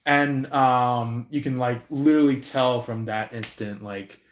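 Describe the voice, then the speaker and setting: A man speaks slowly on a live-stream reading, groping for words and filling gaps with "um" and "like." His voice is mid-pitched and sits in a roomy, echoey space. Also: steady tone. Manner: slow, halting, many fillers. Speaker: tarot reader.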